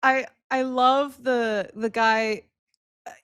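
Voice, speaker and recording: A woman's voice: fairly high pitch, fairly even intonation, takes it slowly, a bit bright, smooth, no room sound. A woman co-hosting a podcast, chatting casually and wryly, laughing often and playing up mock exasperation. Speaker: podcast co-host. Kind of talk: casual storytelling chat.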